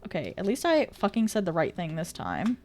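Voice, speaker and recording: A woman's voice: lowish voice, wildly swooping pitch, a little fast, darkish tone. A woman streaming live, chatting casually and reading out viewer messages, exclamatory, swearing freely and laughing often.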